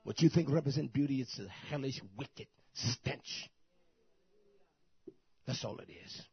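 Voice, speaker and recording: A man preaching a sermon, who swings from soft, murmured asides to loud, shouted bursts. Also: medium pitch, unhurried, gravelly, husky, dry recording, dull audio.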